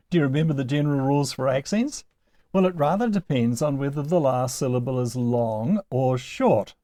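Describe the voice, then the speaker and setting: A man with a mellow, dark-toned voice teaches a recorded lesson at a patient, methodical pace. He slows down to spell out each word form clearly. The recording is dry and close, with no room sound. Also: mid-range voice, no room sound. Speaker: Greek teacher.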